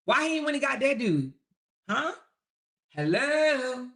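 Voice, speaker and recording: A woman hosting her own online talk show, delivering a loud, taunting, profanity-heavy rant. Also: high voice, sing-song, a little slow, gravelly, long pauses.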